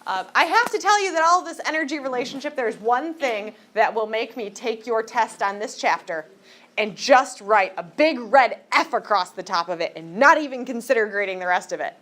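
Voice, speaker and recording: A woman teaching a high school class in a classroom, lecturing in a joking, teasing way and throwing questions at the students. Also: expressive, normal speed, fairly bright tone.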